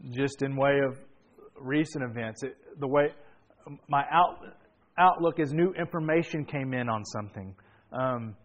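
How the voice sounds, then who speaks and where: A man's voice: medium pitch, highs cut off. Man preaching a chatty storytelling sermon. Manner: casual and chatty, with frequent restarts. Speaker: pastor.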